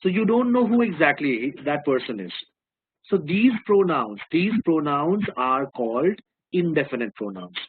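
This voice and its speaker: With an Indian English accent, a man gives a grammar lesson in a slightly high, very animated voice at normal speed. He explains patiently, repeats key terms, and checks that students are following. The recording is dry and narrow like a phone, with a little hiss or hum.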